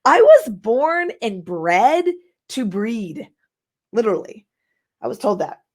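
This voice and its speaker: A middle-aged woman from Texas giving an energetic, emphatic masterclass talk as a marketing coach, reading viewer comments aloud. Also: a little high, slow pace.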